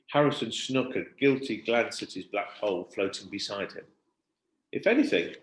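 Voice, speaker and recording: A male primary school teacher reading a children's book aloud in an expressive storytelling manner. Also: medium pitch. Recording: roomy echo.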